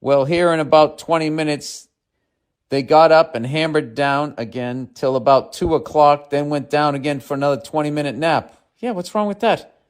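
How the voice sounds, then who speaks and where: A man's voice: on the high side, moderate pace, clean tone, lightly acted. A man voicing a folksy older Southern carpenter boss, with a Southern accent and a drawling storytelling manner.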